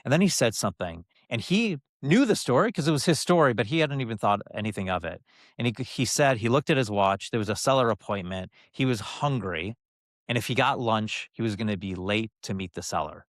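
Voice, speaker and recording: Low-voiced middle-aged man telling stories. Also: expressive, fairly quick, no room sound, studio quality. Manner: anecdotal, drives points home by repeating phrases; loose delivery with frequent fillers and restarts. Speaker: interview guest, former TV executive and branding coach. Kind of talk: conversational storytelling.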